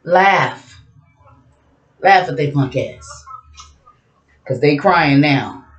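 A woman's voice: low-pitched, animated, extremely slow, highs cut off. A woman giving a casual tarot reading, brash and mocking, with a lot of profanity. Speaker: tarot reader. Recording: roomy echo.

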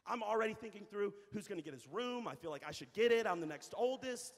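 A young adult man, a youth pastor, telling a story in a sermon, animated and repeating phrases for emphasis. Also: high-pitched, fast talker. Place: church hall. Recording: reverberant church hall.

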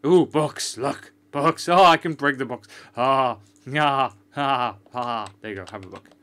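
A man's voice: mid-range voice, measured pace, fairly bright tone, smooth. A man giving chatty, joking, sarcastic commentary while playing a video game. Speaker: gamer. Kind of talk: let's-play commentary.

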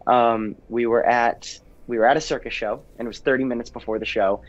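An earnest teen boy, an actor guest in a casual interview chat, speaks briskly in a medium-pitched, fairly even voice with frequent ums and restarts. The recording is dull and lo-fi, with faint music.

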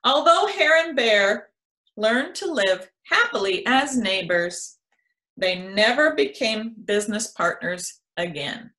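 A woman reads a children's picture book aloud, taking her time with each phrase. Her voice sits a little high and comes across bright and clear. The delivery is expressive, as a storyteller's should be. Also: takes it slowly. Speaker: extension educator reading a picture book.

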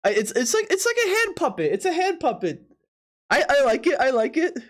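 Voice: sits high, very animated, a little fast. A live-stream host reacting to drawings, laughing often and disbelieving, tripping over repeated words. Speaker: Twitch streamer.

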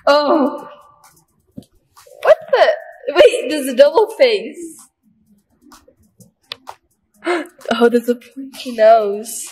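A woman vlogging in a casual, excitable way, thinking aloud and giggling often. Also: high voice, rough recording. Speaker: family vlogger. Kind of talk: casual vlog chat.

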